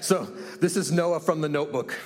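A man's voice: a little high, moderate pace, crowd noise. A man leading a sermon opening from a church stage, chatty and upbeat, laughing often as he runs a game with the congregation on a handheld microphone. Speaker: pastor.

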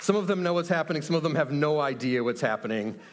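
A man's voice: on the high side, animated, fast. A man leading a sermon opening from a church stage, chatty and upbeat, laughing often as he runs a game with the congregation on a handheld microphone. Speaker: pastor.

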